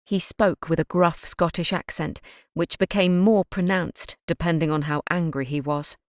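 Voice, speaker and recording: A woman narrating a crime novel audiobook in an even, measured way. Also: fairly low pitch, no echo, studio quality. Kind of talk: scripted narration.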